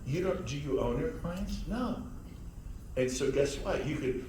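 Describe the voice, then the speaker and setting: A man giving an energetic motivational talk to an audience, acting out other people in loud mocking voices. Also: a little high, unhurried, slight background noise. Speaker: real estate speaker. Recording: echoey room heard from a distance.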